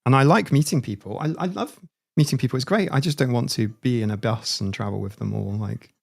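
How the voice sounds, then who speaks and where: A man chatting casually on his livestream with a gravelly, rough edge to his voice. He rambles, restarts his words and laughs often. His pitch sits in an ordinary middle range. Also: a little fast. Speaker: livestream host.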